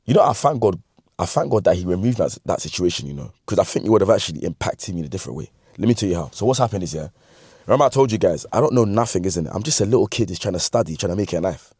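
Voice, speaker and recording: A man in his twenties with a London accent, telling a funny story from his youth in slangy, animated talk that he breaks up with laughs. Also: low voice, rapid-fire, slightly rough, no room sound, studio quality. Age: 20s. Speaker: vlogger. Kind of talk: comedic storytime.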